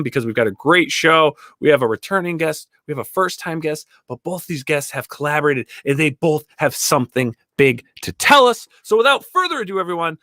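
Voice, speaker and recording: Man, co-host, bright tense voice, upbeat welcomes, dry close sound. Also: on the high side, no echo. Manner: upbeat, welcoming viewers in the chat and introducing guests. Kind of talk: casual chat.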